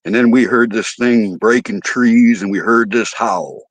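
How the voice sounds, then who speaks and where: A man voicing a spooked partygoer who won't go into the woods at night, speaking low and serious. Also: measured pace, dry recording.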